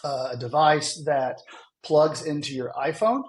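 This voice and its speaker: A man's voice: a little high, measured pace. A man who is a guest on a podcast, explaining his work enthusiastically in a casual interview, with many fillers along the way. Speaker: guest, sales executive.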